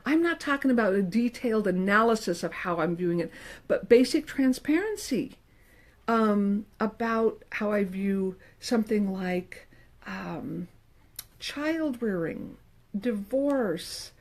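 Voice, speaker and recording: A middle-aged woman counselor talking casually to the camera, animated and emphatic, with playful quoted asides. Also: medium pitch, takes it slowly. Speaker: licensed professional counselor. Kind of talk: casual advice talk to camera.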